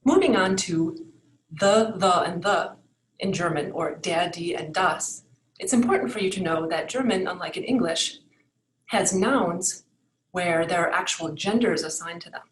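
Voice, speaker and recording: Patient woman teaching, in an echoey room. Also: lowish voice. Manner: clear, patient explaining with slow modeled examples. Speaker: German language teacher. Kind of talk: recorded online lesson with slides.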